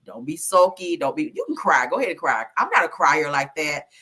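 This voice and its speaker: A woman hosts a gossip livestream in a sassy, laughing chat, calling her viewers honey and child. Her voice sits low but leaps up and down with lively swings. It has a bright, forceful edge. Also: fairly quick, breathy edge.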